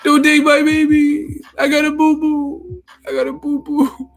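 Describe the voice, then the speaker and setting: A man putting on a high, whining voice to mock a grown man wailing and sobbing over his troubles. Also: monotone, unhurried, vocal fry, soft background music, full character voice.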